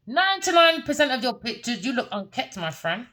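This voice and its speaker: A woman does a casual tarot reading in a loud, crude, mocking style, laughing a lot and lurching between low mutters and high, loud outbursts. She's very animated and talks fairly fast.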